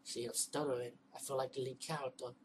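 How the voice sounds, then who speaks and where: A man's voice: mid-range voice, little pitch movement, quick pace, a little hiss or hum, low-quality recording. A man casually reviewing a movie at home, rambling with many fillers, restarts and stumbles. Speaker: video reviewer.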